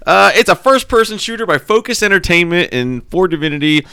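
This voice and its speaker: A man co-hosting a casual podcast, rambling and swearing as he talks excitedly about a video game. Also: high voice, fairly quick, clear, resonant tone, no echo. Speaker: podcast co-host. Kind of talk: casual chat.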